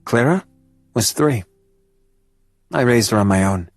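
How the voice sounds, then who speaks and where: A man reading the lines of a guarded, grieving young woman in an audiobook, speaking as a quiet, halting confession. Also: medium pitch, expressive, no room sound, faint music behind. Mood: subdued.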